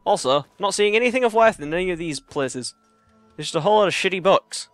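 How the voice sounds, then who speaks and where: A young man chatting casually and profanely while playing a game in his cramped bedroom, rambling and jokey, yelling in a panic when enemies attack. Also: high voice, expressive, quick pace, no room sound, faint music behind. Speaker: let's play gamer. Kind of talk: casual gameplay commentary.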